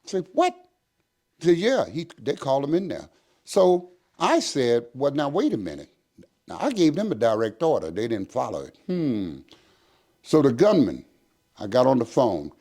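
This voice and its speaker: In an interview, an older man, formerly a prison captain, narrates a story and acts out each person's lines in their own voice. He has a mid-range voice and speaks at normal speed, animated throughout.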